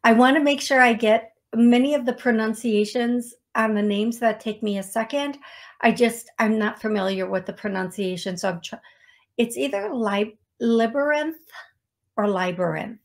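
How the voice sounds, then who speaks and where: A woman whose voice is on the high side and steady hosts a live-stream psychic medium talk show. Slow and chatty, she reads out names and songs for viewers, making self-deprecating remarks punctuated by small laughs.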